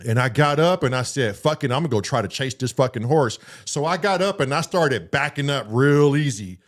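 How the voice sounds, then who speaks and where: This man talks fairly quickly in a medium pitch, co-hosting a podcast and telling a long story casually. His delivery is profane and animated: he curses freely and acts out what he said and felt through quoted lines.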